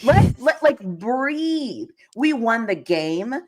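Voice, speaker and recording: Excited, ranting woman with a lively voice. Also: on the high side, extremely slow. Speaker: guest co-host. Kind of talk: live stream sports chat.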